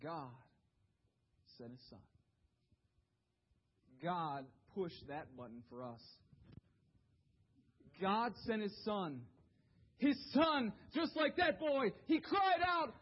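A man preaching a sermon, telling a story dramatically, dropping to hushed low tones and then rising to shouts. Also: slow, long pauses, husky. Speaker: pastor. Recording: dull lo-fi recording.

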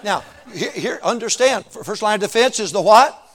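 Animated middle-aged preacher, lively pitch. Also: male voice, moderate pace. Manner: animated, calls for answers from the congregation; laughs often while telling stories. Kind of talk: sermon.

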